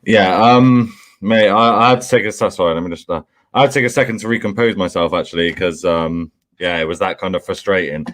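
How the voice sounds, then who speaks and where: A man co-hosts a fan chat in a fairly low voice. He talks in a measured way, thinking aloud with frequent ums and restarts. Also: fairly bright tone. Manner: measured, hesitant, lots of ums. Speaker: fan channel co-host. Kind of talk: post-match fan reaction chat.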